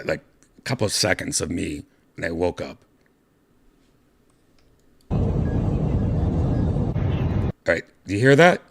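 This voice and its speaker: A man's voice: low-pitched, vocal fry, slightly rough. A man hosting his own show, telling a rambling story and putting on voices for the people in it. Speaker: podcast host. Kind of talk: casual storytelling vlog.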